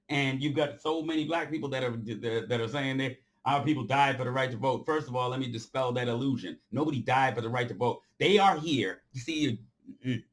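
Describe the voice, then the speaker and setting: A man giving an off-the-cuff, impassioned monologue to his followers. He talks in a preachy way, repeats phrases for emphasis, and swings between loud outbursts and quiet stretches. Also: medium pitch. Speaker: commentator addressing his followers.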